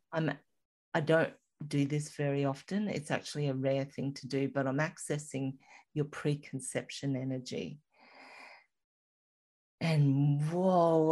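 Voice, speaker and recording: Low-voiced woman guest, slow and reflective, soft-spoken storyteller. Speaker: guest telling her story. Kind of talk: personal storytelling in an interview.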